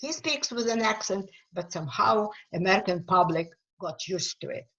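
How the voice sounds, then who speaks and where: A woman with a Ukrainian accent, an author speaking as a webinar guest, answering questions earnestly and with emphasis, often pausing on fillers. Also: medium pitch, lively intonation, a bit bright, highs cut off. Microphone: video call.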